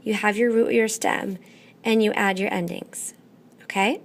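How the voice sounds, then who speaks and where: A woman teaching a classroom lesson, patient and methodical, often pausing to check in. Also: medium pitch, steady tone. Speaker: Spanish teacher.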